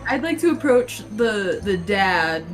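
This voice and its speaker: Playful woman player, slow unhurried delivery, faint music behind. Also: medium pitch, big pitch swings. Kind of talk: casual tabletop play.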